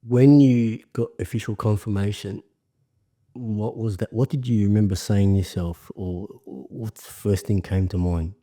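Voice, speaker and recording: A man hosting a podcast, asking questions in a relaxed, conversational way with casual swearing. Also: fairly low pitch, a little slow. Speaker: podcast host.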